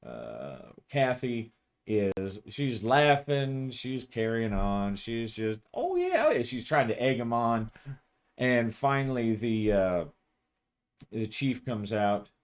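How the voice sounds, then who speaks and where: A man's voice: mid-range voice, expressive, slow. A man narrating his solo tabletop role-playing game in a casual, rambling way and chuckling often. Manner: casual, chuckling, frequent restarts. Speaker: game master.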